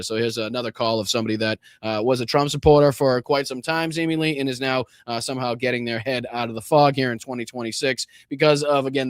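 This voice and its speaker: Fast-talking male livestream host. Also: mid-range voice, no room sound, studio quality. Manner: rapid, rambling, sarcastic asides. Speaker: political talk show host. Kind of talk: casual livestream commentary.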